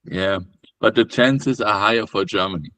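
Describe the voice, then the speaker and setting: A man joining as guest in a casual discussion, speaking in a measured, dry way with some fillers. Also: lowish voice, fairly bright tone.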